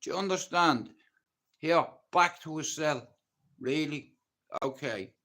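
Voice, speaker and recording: A man's voice: on the high side, slow pace, bright, forceful tone. A man with a Dublin Irish accent telling his own story on a livestream, blunt and intense, swearing often. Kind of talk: casual storytelling monologue.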